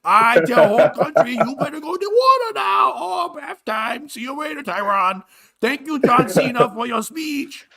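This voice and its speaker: A man's voice: animated, normal speed, creaky, heavily acted. A man putting on a blustering foreign leader. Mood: mocking. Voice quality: shouty high mock voice. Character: blustering pompous male foreign leader, broken English.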